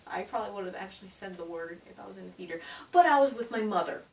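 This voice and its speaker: A woman's voice: mid-range voice, lively intonation, rapid-fire, creaky, darkish tone. A teenage girl reviewing a movie in a chatty, gushing way, with lots of "like". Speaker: vlogger. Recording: roomy, distant mic, faint hiss.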